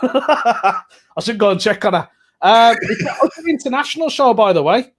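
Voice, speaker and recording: A man's voice: very high-pitched, expressive, normal speed, slight background noise. A man hosts a casual online comedy show. He is chatty and jokey and laughs often between lines. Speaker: host.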